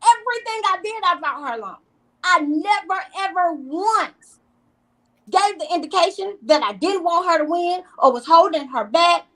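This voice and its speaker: A woman, a reality TV guest telling animated stories in a casual interview, with emphatic repetition. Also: extremely high pitch, normal speed, rough recording.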